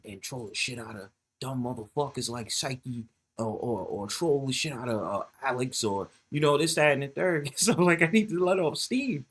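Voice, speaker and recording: A man's voice: on the high side, sharp tone. A man hosting a casual livestream from his phone. He swears often, laughs a lot and talks straight to his viewers in the chat. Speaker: livestream host.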